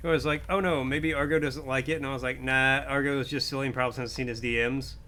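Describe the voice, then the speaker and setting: A young man streaming a game, chatting playfully and breaking into mock-heroic shouts. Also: medium pitch, flat delivery, fast talker. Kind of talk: casual gameplay commentary.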